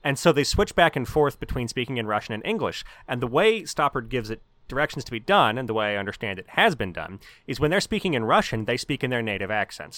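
A man of middle pitch talks quickly and analytically, laying out his points at length in a casual book chat. The recording is dry and close, with no room sound. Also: sharp tone, dry recording. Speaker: podcast co-host.

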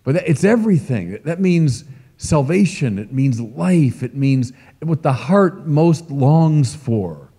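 Middle-aged male bishop, mellow and fairly high voice, emphatic sermon delivery, long church reverb. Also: slow, slightly rough. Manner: emphatic, lively preaching with asides to the congregation. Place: large church.

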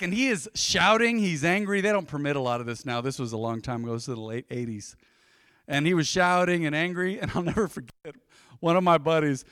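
A man in his forties preaching to a congregation, his voice high and bright as he tells stories and keeps asking the room to answer back. The sound is close and dry. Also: no room sound. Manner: storytelling, calls out to the congregation. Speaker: pastor. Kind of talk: sermon.

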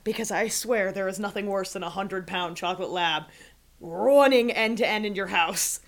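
A woman with a Minnesota accent, co-hosting a casual podcast in a playful, giggly, expressive way. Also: mid-range voice, moderate pace. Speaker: podcast co-host. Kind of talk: casual chat.

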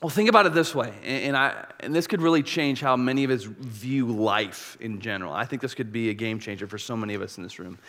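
Male pastor, 30s, mid-pitched, candid storytelling sermon; recorded in a large church hall with long reverb. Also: fast talker, few pauses. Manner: candid, animated storytelling with confessional asides.

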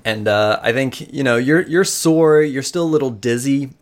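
Speaking in a mid-range voice, a man runs a tabletop game as its game master, narrating loosely with frequent pauses and filler words.

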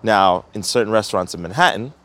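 A man's voice: fairly low pitch, lively intonation, fast talker, a bit bright. A young man, a pizzeria owner telling a story in casual chat, profane and often laughing.

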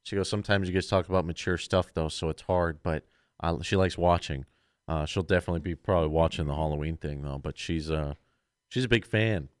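Podcast co-host, man, low voice, dry close sound, relaxed storyteller. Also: a little fast, clean tone, dry recording. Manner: laid-back, loose storytelling with quoted voices. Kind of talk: casual chat.

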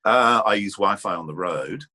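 A man on a video call, giving relaxed, practical advice about recording gear. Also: fairly low pitch, moderate pace. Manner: relaxed, practical, plain-spoken. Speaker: voice-over panel host. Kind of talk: webinar Q&A advice.

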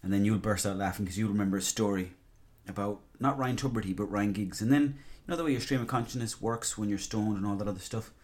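A man's voice: fairly low pitch, fast talker, hardly any pauses, a little mellow. An Irish man hosting a podcast, talking in a casual, rambling, sweary and jokey monologue. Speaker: podcast host.

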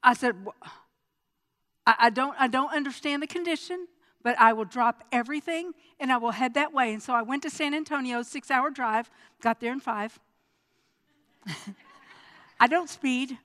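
A high-pitched woman preaches to a congregation, telling her story with stammering restarts. She drops to a hush, then builds to loud, impassioned cries. Her voice rings with the long reverb of a large church hall. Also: normal speed, long pauses. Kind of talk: sermon with personal testimony.

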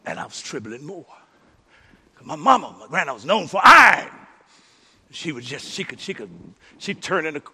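A male pastor preaching a sermon, calling out to the congregation and swinging from shouted lines to hushed near-whispers. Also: a little high, very animated, moderate pace, long pauses, slightly rough. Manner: calls out to the congregation.

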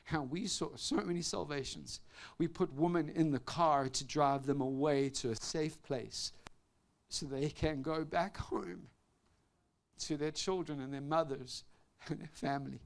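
A man preaching and telling a personal testimony, shifting between loud outbursts and hushed, intimate tones. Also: medium pitch, vocal fry. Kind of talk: sermon testimony.

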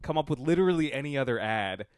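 A man co-hosts a casual podcast chat with dry, teasing humor. His voice is mid-pitched, and the recording is dry and close. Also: animated, quick pace, no room sound. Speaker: podcast co-host.

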